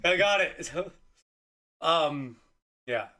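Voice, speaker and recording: A man's voice: on the high side, lively intonation, slow, pushed and bright. A man co-hosting a podcast in casual chat, rambling loosely. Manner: loose, rambling, lots of fillers. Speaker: podcast co-host.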